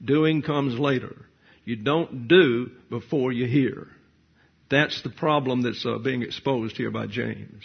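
A man's voice: medium pitch, slow pace, vocal fry, breathy edge, lo-fi sound. A man preaching a verse-by-verse sermon, teaching point by point, answering his own rhetorical questions and dropping dry, wry asides.

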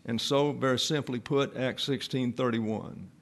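A man preaching an expository sermon, teaching slowly and deliberately and repeating key phrases for emphasis. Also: mid-range voice, vocal fry.

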